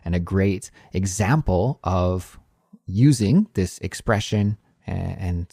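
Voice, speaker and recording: A man around forty co-hosting a casual podcast, easygoing and agreeable in his measured replies. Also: deep voice, vocal fry, dark tone, husky, no echo, studio quality. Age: late 30s to 40s. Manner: easygoing and agreeable, laughs along, measured phrasing. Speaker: podcast co-host. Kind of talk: casual conversational podcast chat.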